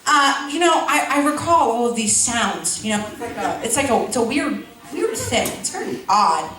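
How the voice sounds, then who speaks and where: A woman's voice: on the high side, big pitch swings, moderate pace. Giggly rambling woman comic in an echoey hall. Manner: rambling, self-interrupting, giggly asides. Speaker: stand-up comedian. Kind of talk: stand-up comedy storytelling. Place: school event hall. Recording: echoey hall, far from mic, noisy.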